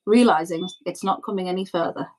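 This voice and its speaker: A woman's voice: fairly low pitch, brisk, slight background noise, low-quality recording. A woman game master narrating a tabletop role-play scene in a loose, descriptive way with many fillers.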